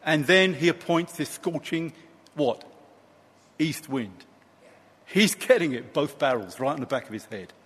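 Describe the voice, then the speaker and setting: A man preaching a sermon, slow and emphatic with dramatic pauses. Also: a little high, lively intonation, fairly bright tone, husky, in a large hall.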